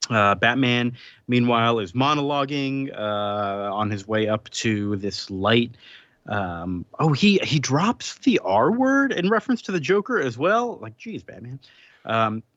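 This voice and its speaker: A man hosting a podcast with a mid-range voice, recapping a comic in casual chat. He laughs often and drops into quick impressions of the characters. The recording is dull and dry, with a lo-fi edge. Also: mid-range voice, animated, a bit bright, dry recording. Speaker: podcast host.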